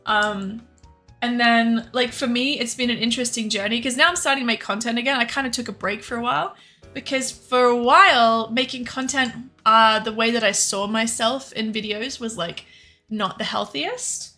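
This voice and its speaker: A woman's voice: on the high side, moderate pace, sharp tone, faint music behind. A young woman streamer in candid, rambling casual chat, swearing freely. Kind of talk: casual chat while cooking and gaming.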